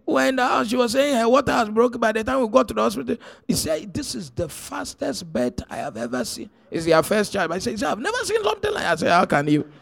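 A middle-aged man, preaching a sermon as pastor, telling stories and swinging from hushed to shouted. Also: sits high, animated, brisk, gravelly, hardly any pauses.

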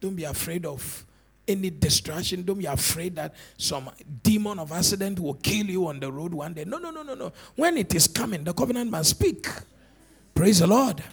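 Gravelly preacher, high and lively. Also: male voice, normal speed. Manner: animated preaching, swinging from loud shouts to low murmurs; repeats words for emphasis. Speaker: pastor. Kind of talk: sermon.

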